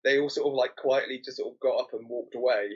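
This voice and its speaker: A man with a slightly husky voice, chatting casually about a film and stumbling over repeated words as he recounts trivia. The sound is dull and lo-fi, as if coming through a weaker microphone. His pitch is in a middle range. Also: steady tone, quick pace. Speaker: podcast co-host.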